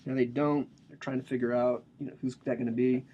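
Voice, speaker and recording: A man's voice: medium pitch, little pitch movement, a little fast, narrow, tinny audio, a little hiss or hum. Jokey casual man lecturing. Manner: casual, jokey, slangy explaining. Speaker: religion lecturer.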